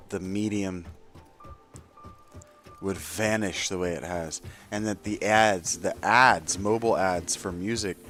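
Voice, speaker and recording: A man streaming a game, chatting casually and rambling as he thinks aloud, swearing freely and slipping between soft whispers and louder bursts. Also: fairly low pitch. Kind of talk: casual gaming livestream chat.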